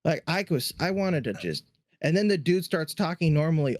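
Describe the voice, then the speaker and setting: A man's voice: a little high, animated, moderate pace. A man co-hosting a podcast, reviewing a movie in casual chat, trailing off and restarting mid-thought. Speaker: podcast co-host.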